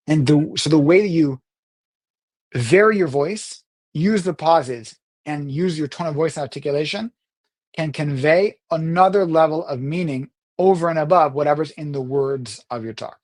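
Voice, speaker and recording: Middle-aged male speaking coach, animated delivery. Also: moderate pace. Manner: animated, swings pitch and loudness to demonstrate. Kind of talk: talk to camera on communication skills.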